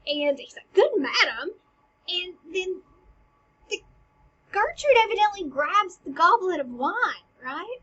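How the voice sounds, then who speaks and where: A woman's voice: very high voice, sing-song, measured pace, pauses often, fairly bright tone, lo-fi sound. A woman, as a teacher, chattily retelling a stage play in everyday words, laughing and saying "like" often.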